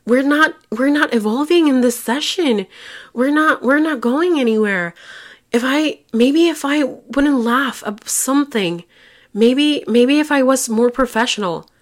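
A woman's voice: sits high, unhurried. A woman therapist hosting a casual solo podcast, chatty and lighthearted with small jokes.

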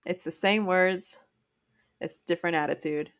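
A woman's voice: lowish voice, a little slow. A woman co-hosting a casual chat podcast, talking earnestly and acting out quoted lines as she tells stories. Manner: earnest, animated storytelling with acted-out quotes. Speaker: podcast co-host.

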